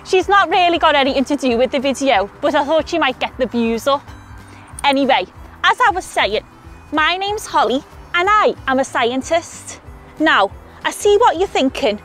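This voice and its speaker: A woman with a Scouse accent, a scientist explaining science to primary school children in a cheerful, clear way. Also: high voice, lively intonation, unhurried, a bit bright, soft background music. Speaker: scientist presenting a kids' science video. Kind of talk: educational talk to children.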